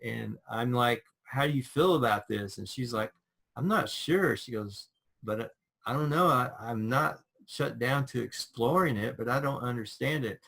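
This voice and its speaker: A man co-hosting a casual chat, telling a story with lively acted-out quotes. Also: mid-range voice, moderate pace, gravelly. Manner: animated storyteller acting out quotes. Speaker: podcast co-host.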